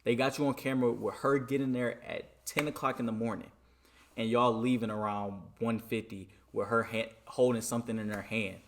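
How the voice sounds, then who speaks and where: A man's voice: medium pitch, steady tone, moderate pace, lightly acted. A man voicing his stern, strict father while telling a story in a vlog.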